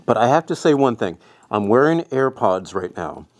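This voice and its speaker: A man's voice: medium pitch, big pitch swings, moderate pace, a little mellow. A man casually reviewing a helmet he is wearing, loose and rambling, chewing gum with his face squeezed. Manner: rambling, loose and chatty with fillers. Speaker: product reviewer. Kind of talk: casual product review vlog. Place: indoors, cold day with rain outside.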